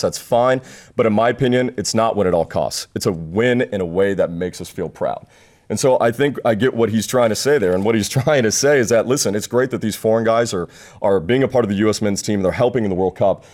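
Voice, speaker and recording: A man co-hosting a casual sports podcast launches into a fast, fired-up rant while laughing at himself in a self-deprecating way. His voice is lowish and a little mellow.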